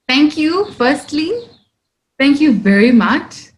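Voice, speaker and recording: A young woman, hosting a podcast in casual, animated chat. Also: medium pitch, moderate pace, a little hiss or hum, low-quality recording. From South Africa. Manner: animated, exclamatory, laughs often. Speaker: podcast host.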